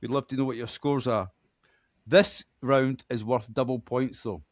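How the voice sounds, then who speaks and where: A quiz host from Scotland, with a Scottish accent and a steady, medium-pitched voice, runs a podcast quiz on a dry recording. He chats away, pokes fun at himself, and reads names slowly.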